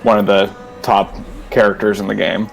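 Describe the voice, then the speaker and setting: A man on voice chat, explaining his game progress in a hesitant, halting way. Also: on the low side, little pitch movement, creaky, soft background music, low-quality recording. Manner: hesitant, halting, full of fillers. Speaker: guest on voice chat. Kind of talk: casual chat.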